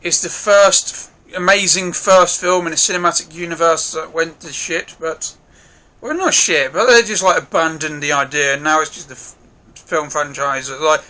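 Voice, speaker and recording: A man reviewing a film in a casual, gushing way. His voice is high and bright, and he talks excitably and swears freely. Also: moderate pace.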